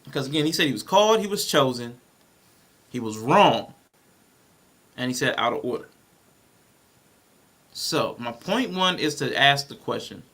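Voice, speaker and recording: A man co-hosting a casual panel podcast, reading Bible verses aloud and walking through his points in an animated way. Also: a little high, creaky. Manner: animated, reads scripture aloud and explains it. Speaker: podcast co-host.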